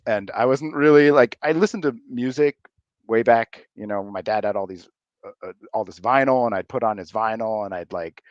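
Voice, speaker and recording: Male podcast guest, relaxed and rambling, dull dry lo-fi sound. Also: lowish voice, moderate pace, no room sound. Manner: easygoing and meandering, thinking aloud as he recalls things. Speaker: podcast guest, effects pedal maker. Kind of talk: casual interview chat.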